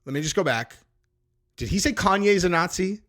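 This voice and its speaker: A man doing casual reaction commentary on video clips, talking fast and jumping in excitedly. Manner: animated, interrupts excitedly, voice jumps high when worked up.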